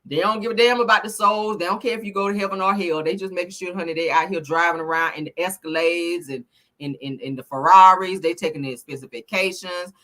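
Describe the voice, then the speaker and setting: A tipsy woman hosts a live stream in a lowish voice. She chats loosely, swears freely and keeps calling her viewers honey and child, laughing as she goes. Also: steady tone, quick pace, pushed and bright. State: a little tipsy. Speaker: host of a live gossip stream. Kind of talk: casual live-stream chat.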